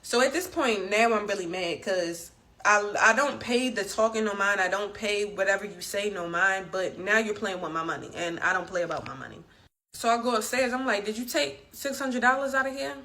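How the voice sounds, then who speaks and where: A woman in her twenties telling a personal story in an indignant, animated way. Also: mid-range voice, moderate pace, low-quality recording. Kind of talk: storytime vlog. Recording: loud traffic noise outdoors.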